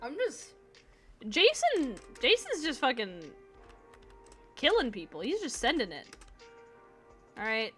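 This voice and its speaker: A woman's voice: sits high, wildly swooping pitch, slow, pauses often, bright, forceful tone, faint music behind. A woman streaming a video game, chatting casually and sleepily, swearing freely and laughing often. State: sleepy, yawning. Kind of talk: casual chat while playing a video game.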